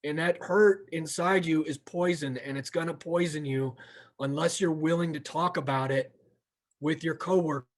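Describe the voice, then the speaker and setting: Middle-aged male instructor, earnest and plainspoken, slightly raised pitch, candid training-talk delivery. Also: steady tone, normal speed. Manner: earnest, plainspoken, restarts often. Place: training session room.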